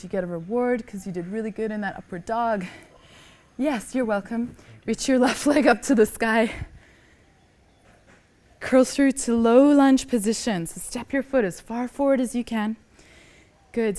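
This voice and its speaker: A woman teaching a yoga class, giving calm, encouraging cues and slightly out of breath as she moves through the poses. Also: on the high side, a little slow. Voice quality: calm, encouraging cueing, often soft. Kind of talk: guided yoga class instruction.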